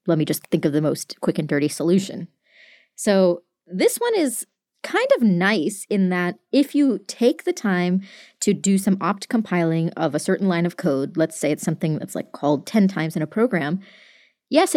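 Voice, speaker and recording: A woman co-hosting a podcast, explaining technical ideas in a casual, chatty way, full of "like" and quick asides. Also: on the low side, expressive, a little mellow, no room sound, clean studio sound. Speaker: podcast co-host explaining code.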